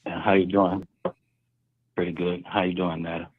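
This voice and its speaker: A man's voice: low-pitched, little pitch movement, normal speed, slightly rough, no echo, phone-quality sound. A man calling in to a live show, eagerly retelling sounds and voices he heard on a video. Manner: retells sounds and quotes from a video with rising emphasis. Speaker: caller.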